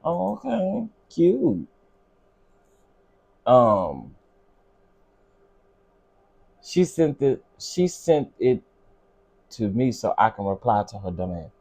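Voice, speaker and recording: A man's voice: medium pitch, big pitch swings, takes it slowly, gravelly, pauses often, a little mellow, breathy edge. A middle-aged man hosting a casual live commentary stream, exasperated and ranting as he answers his chat. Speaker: livestream commentary host.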